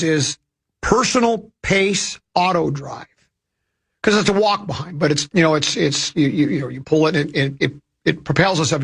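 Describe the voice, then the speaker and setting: A man's voice: on the high side, vocal fry, husky. An older man hosting a radio show, telling rambling stories in casual chat with lots of restarts and asides. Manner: rambling, with many restarts and self-amused asides.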